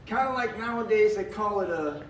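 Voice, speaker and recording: A man's voice: sits high, lively intonation, a little fast. A man performing as a magician and variety showman, talking in a jokey, folksy patter and chuckling often. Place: live stage show with audience. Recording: roomy, distant, with faint noise.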